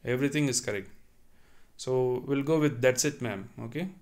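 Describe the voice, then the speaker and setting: A man's voice: medium pitch, a little mellow. A man teaching a French lesson, reading sentences and then translating and repeating them patiently. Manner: slow and deliberate, repeats and explains each line. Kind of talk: online language lesson.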